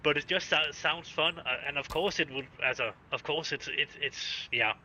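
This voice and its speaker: A Danish-accented man chatting on his live stream, his voice bright and edged, pitched a little above the usual. He swears freely and keeps breaking off to restart his sentences, all through a dull, lo-fi mic. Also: normal speed, slight background noise. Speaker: game streamer. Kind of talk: casual live-stream chat.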